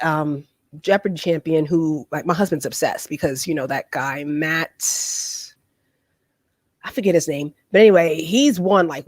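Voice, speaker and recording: A woman's voice: sits low, a little mellow, dry recording. Chatty woman vlogger, dry close sound. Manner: chatty, lots of fillers. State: talking around a cough drop. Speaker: vlogger host. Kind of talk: casual live-stream chat.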